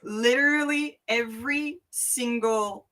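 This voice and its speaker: A woman with a Tennessee accent telling an animated, laughing story as a guest, swearing and voicing the people she quotes. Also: a little high, distant mic. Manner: laughing, swearing, quick anecdote with voiced quotes. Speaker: guest entertainer. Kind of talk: animated storytelling in casual chat.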